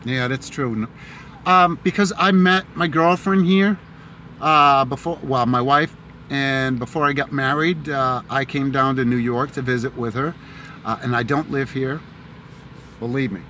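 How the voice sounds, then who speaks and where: A middle-aged man with a mixed Boston and Tennessee accent chats in a rambling way, full of fillers, while driving through the city on a live stream. His voice sits at an ordinary middle pitch. Faint street and car noise runs underneath. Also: measured pace, bright, forceful tone. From Massachusetts, Boston area. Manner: rambling, chatty, many fillers.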